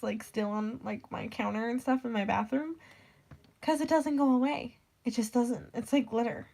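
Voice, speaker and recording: A woman's voice: on the high side, creaky, darkish tone. A young woman telling stories in a rambling, casual way, swearing freely and saying "like" constantly. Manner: rambling, profane, lots of "like". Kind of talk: casual storytelling vlog.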